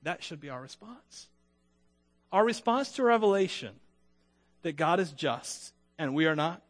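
A man preaching a sermon, conversational and lively, acting out the voices of the people in his text and joking with his listeners. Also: a little high, measured pace, faint music behind. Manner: animated, acts out biblical voices. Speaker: pastor.

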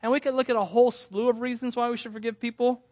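A man's voice: extremely high pitch, flat delivery, fast talker, darkish tone. A man giving a conversational sermon, candid and self-deprecating, often laughing between phrases and restarting words when earnest. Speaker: preacher.

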